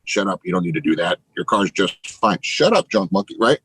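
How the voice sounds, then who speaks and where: A man's voice: low-pitched, a little fast, breathy edge, low-quality recording. Emphatic man giving a pep talk. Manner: energetic, emphatic, swears casually. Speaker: real estate team leader.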